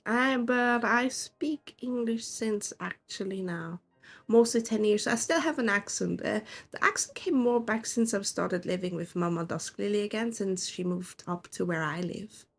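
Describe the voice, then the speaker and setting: A woman's voice: medium pitch, measured pace, husky, faint music behind. A woman from Switzerland with a Swiss German accent, chatting casually and giggling often while streaming a game. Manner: giggly, frequent laughs. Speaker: vtuber streamer.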